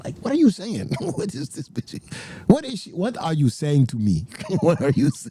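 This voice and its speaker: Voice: mid-range voice, wildly swooping pitch, normal speed, warm tone, husky. A livestream host chatting casually with viewers, laughing often and swearing freely.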